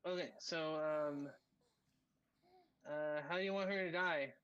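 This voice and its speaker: A game master narrating a tabletop fight, stopping often with ums and quick laughs. The sound is close and dry, with no room echo. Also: medium pitch, fairly even intonation, fairly bright tone, clear, resonant tone, highs cut off. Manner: halting, full of ums and laughs.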